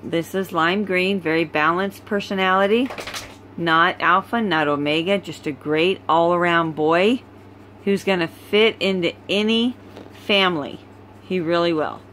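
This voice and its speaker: A woman's voice: fairly low pitch, fairly bright tone, slight background noise. A tired woman breeder casually presenting a litter of puppies, filmed on a phone at home. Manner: slow, easygoing, chatty. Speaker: dog breeder.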